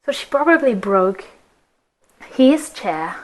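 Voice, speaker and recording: A woman leading a children's yoga class through a story, playful and expressive, with a sing-song delivery. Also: fairly high pitch, slow, low-quality recording. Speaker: kids yoga teacher.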